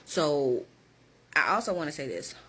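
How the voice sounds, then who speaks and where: A woman's voice: sits low, very animated, unhurried, fairly bright tone, husky. A woman who works as a hiring manager, talking straight to her viewers in a direct, emphatic motivational vlog.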